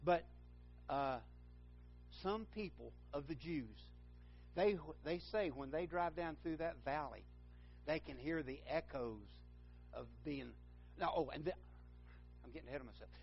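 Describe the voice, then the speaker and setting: A man's voice: a little high, animated, measured pace, creaky, pauses often, highs cut off, soft background music. A man preaching a sermon, rambling and correcting himself, then building to fervent emphasis.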